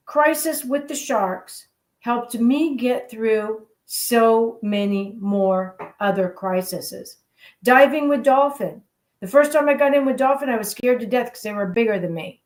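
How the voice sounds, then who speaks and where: Animated woman storyteller, roomy echo. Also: fairly high pitch, measured pace. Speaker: radio show host. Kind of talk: motivational storytelling talk.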